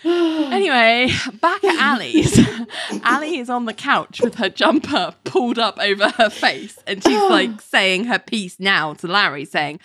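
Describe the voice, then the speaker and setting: A woman recapping a TV episode in casual chat, acting out the characters' lines and breaking into high laughter. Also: measured pace, no room sound. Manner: animated, breaks into high-pitched laughter, acts out quoted lines. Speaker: podcast host recapping a TV episode.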